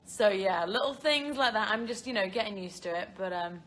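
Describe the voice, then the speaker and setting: A woman's voice: mid-range voice, lively intonation, fairly quick, fairly bright tone. Chatty giggly British young woman. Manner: chatty and giggly, rambling with many fillers. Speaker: live-stream host answering viewer questions. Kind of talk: casual live-stream chat.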